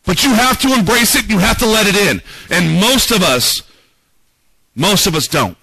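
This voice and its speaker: High-voiced, bright-toned preacher man. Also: expressive, normal speed, vocal fry, breathy edge, no room sound, low-quality recording. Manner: dramatic, acts out quoted prayers and voices. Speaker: pastor. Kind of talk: sermon. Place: church.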